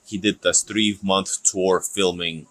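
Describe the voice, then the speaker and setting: A man with a Russian accent, hosting a casual chat and telling rambling, animated stories full of restarts. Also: low-pitched, slow pace, slight background noise. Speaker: host.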